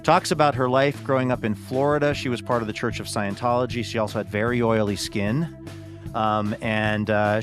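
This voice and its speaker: A man hosting a radio show, reading links and previews in an upbeat, brisk way. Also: medium pitch.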